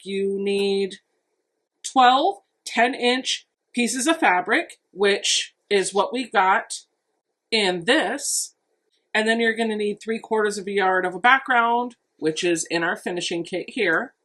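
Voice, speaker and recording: A woman with a mid-pitched voice talks through an unboxing for her quilting channel. She is chatty and upbeat, thinking out loud as she shows each item. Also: a little slow. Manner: chatty and enthusiastic, thinking aloud. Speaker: quilting vlogger. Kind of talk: casual unboxing narration.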